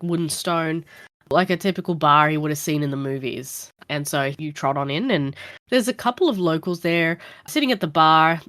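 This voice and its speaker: A woman's voice: sits low, a bit bright, dry recording. A woman narrating a tabletop game as game master, in a casual, rambling way.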